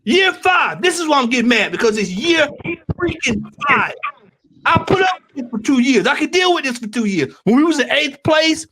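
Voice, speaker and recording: A man with a Southern US accent rants heatedly as a football fan panelist. His voice sits high and swings widely, and he hammers his points by repeating them and raising his voice to shouts. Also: very animated, moderate pace, noisy background. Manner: ranting, repetitive, rising to shouts.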